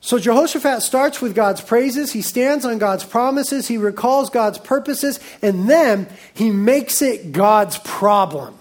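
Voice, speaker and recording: High-voiced man preaching. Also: measured pace, few pauses. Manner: lively preaching, reading scripture aloud, warm asides. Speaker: pastor. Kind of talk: sermon.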